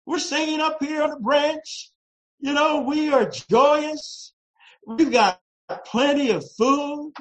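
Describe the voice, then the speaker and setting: A preacher voicing a cheerful female dove in a spoken parable, with a drawn-out, sing-song delivery. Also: sits high, pitched above the performer's own voice, rough recording. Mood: joyful.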